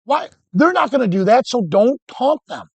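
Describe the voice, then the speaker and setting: A man teaching photography who tells animated, joking stories and keeps breaking off and restarting his sentences. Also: very high-pitched, moderate pace, vocal fry, husky, dry recording. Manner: animated anecdotes, self-interrupting, joking. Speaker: photography instructor. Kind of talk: storytelling during a workshop lesson.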